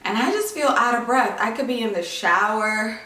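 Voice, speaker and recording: A woman's voice: fairly high pitch, animated, normal speed, sharp tone. A young woman giving a casual vlog update, talking with lots of fillers and sounding a little short of breath. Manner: chatty, many "like" and "um" fillers. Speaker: vlogger. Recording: echoey room, voice a bit far from mic.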